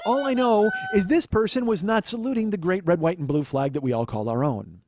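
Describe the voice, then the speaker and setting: A man's voice: high-pitched, fairly quick, a little mellow, dry recording. A man telling an indignant, profane comic story as a podcast host. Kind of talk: comic rant monologue.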